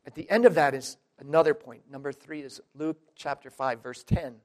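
A male preacher with a somewhat high voice delivers a sermon in a loose, conversational way. He talks straight to his listeners, calling them folks, and his volume rises and falls for emphasis. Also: normal speed. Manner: conversational, emphatic, swings between loud and quiet; addresses listeners directly as folks.

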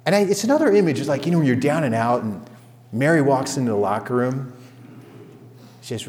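A man's voice: medium pitch, a little fast, long pauses, slight background noise. Conversational male pastor in a reverberant hall. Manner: storytelling, conversational, animated retellings. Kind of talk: sermon to a men's group.

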